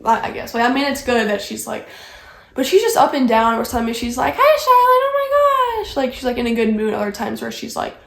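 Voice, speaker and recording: A young woman vlogger telling a story in casual chat, rambling and filling every pause with "like". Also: a little high, fairly even intonation, gravelly. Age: young adult. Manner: rambling, heavy use of "like". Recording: echoey room.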